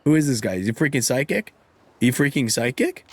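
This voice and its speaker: A man's voice: medium pitch, a little fast, slight background noise. A man streaming a game live, joking and commenting casually. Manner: joking, laughing, animated.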